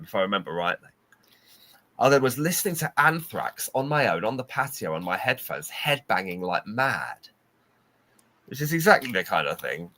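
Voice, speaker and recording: Animated man telling a story. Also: mid-range voice. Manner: animated storyteller acting out drunk voices. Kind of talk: casual anecdote telling.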